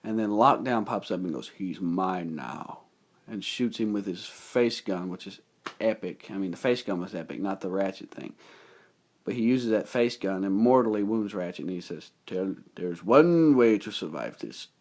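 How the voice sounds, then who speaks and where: A man's voice: lowish voice, normal speed. A young man giving a casual, rambling movie recap, enthusiastic and full of fillers. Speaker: movie reviewer.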